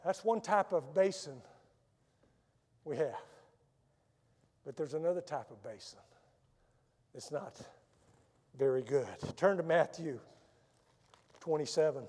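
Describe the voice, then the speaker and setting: A man preaching a sermon as a missionary, telling stories dramatically and swinging from loud emphatic lines to hushed soft ones. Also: on the high side, takes it slowly, long pauses. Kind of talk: sermon with personal storytelling. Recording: long reverb of a large hall.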